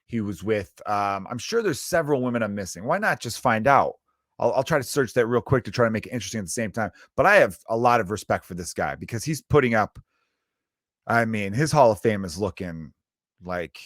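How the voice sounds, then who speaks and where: Riffing man with a low, dry voice. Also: a bit bright, no room sound. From Chicago area, United States. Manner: crude, riffing, self-interrupting with asides. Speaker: comedian and podcast host. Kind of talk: rambling comedic monologue.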